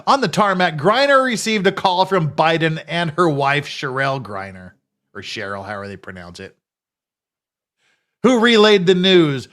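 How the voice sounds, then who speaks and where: A man's voice: fairly high pitch, sing-song, normal speed, a bit bright. A man hosting a commentary show, ranting in a profane, sarcastic, scornful way. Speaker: host.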